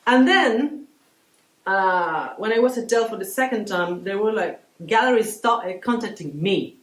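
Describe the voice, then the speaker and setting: A woman's voice: mid-range voice, measured pace. Chatty woman in a roomy echo. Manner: animated storytelling, acts out quoted voices. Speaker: guest artist. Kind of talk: casual interview chat.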